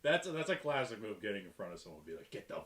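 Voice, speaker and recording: A man hosting a podcast, chatting casually, laughing often and reacting quickly. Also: lowish voice, very animated, a bit bright. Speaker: podcast host. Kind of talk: casual chat.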